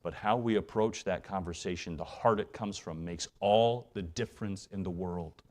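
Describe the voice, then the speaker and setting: In a church sanctuary, a low-voiced man preaches with earnest conviction as an evangelist. At times his words sink almost to a hushed whisper, then rise again in fast swells of emotion.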